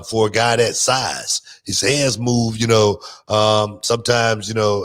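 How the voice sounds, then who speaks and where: Male podcast host, casual, rambling delivery full of fillers, mid-pitched voice, gets animated telling stories. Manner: loose, filler-heavy, drawling delivery. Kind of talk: casual chat and storytelling.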